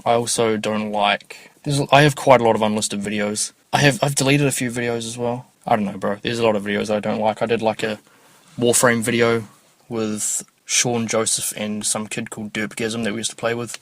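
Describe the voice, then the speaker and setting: A man's voice: fairly low pitch, flat delivery, fairly quick, no echo. A man hosting a casual solo podcast, rambling offhandedly and swearing freely. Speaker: podcast host.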